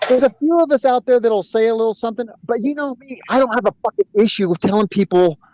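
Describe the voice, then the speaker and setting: A man's voice: very high-pitched, fast talker, highs cut off, background noise. A man arguing heatedly on a live stream, swearing heavily and repeating his points. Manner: heavy swearing, repeats himself insistently. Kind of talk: heated online debate.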